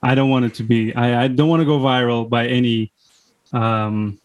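A man's voice: mid-range voice, steady tone, moderate pace, smooth, highs cut off. Rambling man hosting a podcast. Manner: rambling, self-interrupting. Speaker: podcast host. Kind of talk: casual podcast chat.

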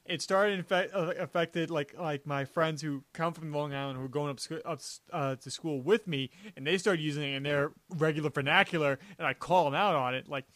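A young man co-hosts a podcast in loose, rambling chat, circling back with fillers and false starts. His voice sits a bit high and it is recorded close and dry, with no room sound. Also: brisk, few pauses, a bit bright, dry recording. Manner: rambling, many restarts and "like" fillers. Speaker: podcast co-host. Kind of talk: casual chat.

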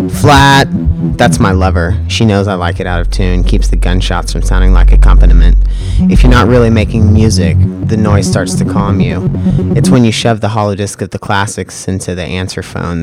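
Brief: man playing a deep-voiced, gravelly, rambling musician storyteller, home mic. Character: drifting male musician telling war-torn sci-fi tales. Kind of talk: spoken-word role-play monologue.

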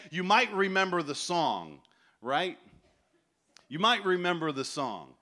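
A man in his forties preaching a sermon at a festival, telling stories with animated acted-out voices. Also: on the high side, measured pace. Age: 40s. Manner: animated storytelling, acts out voices. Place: large tent festival gathering.

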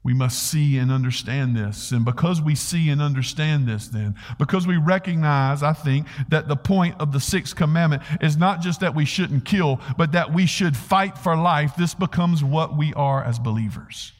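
A man preaching a sermon as pastor, earnestly stressing key phrases and slowing down on them. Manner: earnest preaching, rises in pitch for emphasis, slows on key phrases. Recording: long hall reverb.

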